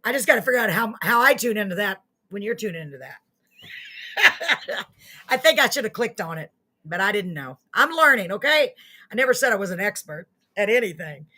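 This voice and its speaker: A woman's voice: medium pitch, big pitch swings, moderate pace, pushed and bright. A woman hosting a casual live online show, chatting to viewers in a friendly, self-mocking way. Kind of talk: casual livestream chat to viewers.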